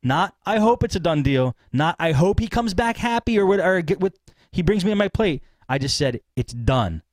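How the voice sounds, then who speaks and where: A man hosting a podcast, telling a long story in a rambling, animated way and acting out what people said. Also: high-pitched, moderate pace, no room sound. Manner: rambling, animated retelling with acted-out quotes. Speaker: podcast host. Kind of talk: casual storytelling.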